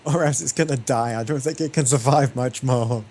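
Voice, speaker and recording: Player, man, mid-pitched, dry teasing asides at the table. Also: normal speed, darkish tone. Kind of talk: casual tabletop chat.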